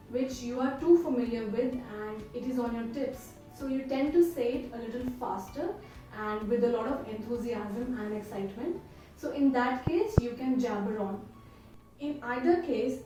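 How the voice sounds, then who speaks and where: Woman tutor teaching an exam-prep lesson, clear and deliberate, mellow higher voice, heard from a distance in a very echoey room with faint music. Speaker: IELTS tutor. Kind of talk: instructional video lesson.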